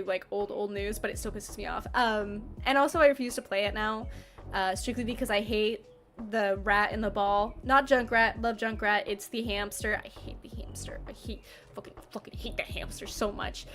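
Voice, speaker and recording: A woman's voice: a little high, a bit bright. A woman hosting a casual livestream, chatting and giggling as she answers chat messages. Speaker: livestream host reading chat.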